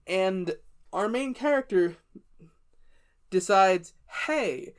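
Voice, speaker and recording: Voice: medium pitch, lively intonation, moderate pace. A young adult podcast co-host in casual chat, sarcastically recapping a movie and acting out the characters' lines.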